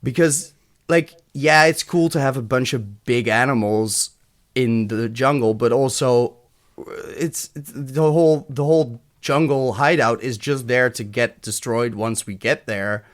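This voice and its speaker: A man's voice: mid-range voice, unhurried. A man from Europe co-hosting a podcast, rambling and profane, thinking aloud with restarts. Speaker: podcast co-host. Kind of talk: casual chat.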